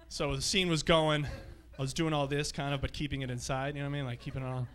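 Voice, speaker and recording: Bright-voiced man doing stand-up. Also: medium pitch, flat delivery, quick pace, few pauses. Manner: loose, profane, rambling storytelling. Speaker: stand-up comedian. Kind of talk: live stand-up set. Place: comedy club stage.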